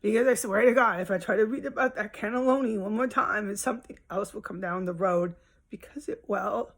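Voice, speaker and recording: A woman's voice: medium pitch, fairly quick, a bit bright. Exasperated woman ranting at home. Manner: rambling, exasperated, profane. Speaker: vlogger. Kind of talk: casual venting monologue.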